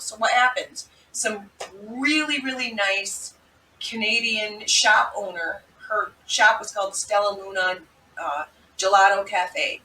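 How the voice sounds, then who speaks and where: A woman hosting a vlog, telling a story in a chatty, animated way. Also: medium pitch, a little slow, a little hiss or hum. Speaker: vlog host. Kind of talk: casual commentary. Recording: echoey room, mic at a distance.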